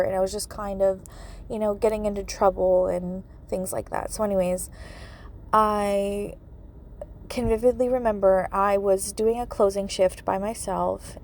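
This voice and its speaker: Slow, emotional woman telling a story. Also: medium pitch, darkish tone, a little hiss or hum. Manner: emotional, laughing through tears, many fillers. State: tearful. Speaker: podcast host, medium. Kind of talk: personal storytelling podcast.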